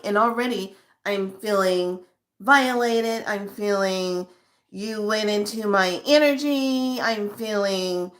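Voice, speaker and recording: A middle-aged woman vlogger telling a personal story to her viewers in an animated, emotional way. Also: mid-range voice, a little slow. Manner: emotional, animated retelling with acted quotes. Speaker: spiritual vlogger.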